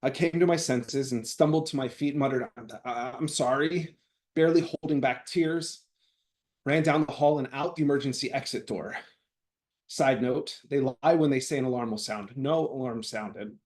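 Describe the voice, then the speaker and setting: A man reading his own personal essay aloud, with wry, deadpan comic timing. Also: medium pitch, moderate pace. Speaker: writing fellow reading his work.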